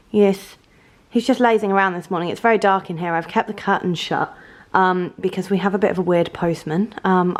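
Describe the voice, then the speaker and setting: A woman with a British accent chatting casually to camera at home in a rambling, waffling way. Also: mid-range voice. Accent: British English. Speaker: lifestyle vlogger. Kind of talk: casual vlog chat to camera. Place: at home, indoors.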